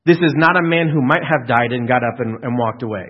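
Male pastor mid-sermon, emphatic, slightly raspy, muffled lo-fi sound. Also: mid-range voice, a little fast. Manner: earnest, emphatic with frequent restarts and rhetorical questions.

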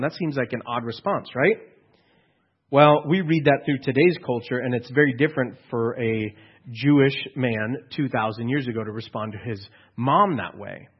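A man preaching a conversational sermon to a congregation. He acts out the people in the story, sometimes dropping to a hushed aside. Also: mid-range voice, husky, dull audio. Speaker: pastor.

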